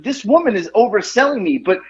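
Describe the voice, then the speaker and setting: A man talks through a story with a lively, swooping voice that sits a little high for a man. He rambles, piles on fillers and keeps laughing at his own tale. The sound is dull and lo-fi. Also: a little fast. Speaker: podcast co-host telling a story. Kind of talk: casual storytelling chat.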